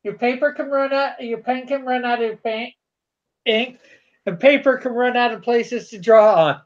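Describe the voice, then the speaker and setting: Teasing banter on a livestream, mid pitch, kinda dull muffled audio. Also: steady tone, normal speed. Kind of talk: casual livestream chat.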